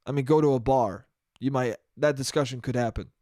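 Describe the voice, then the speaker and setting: A man's voice: medium pitch, brisk, warm tone, no echo, clean studio sound. A young man hosting a casual solo podcast, rambling and swearing, slangy with "dude" and "bro". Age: young adult. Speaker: podcast host.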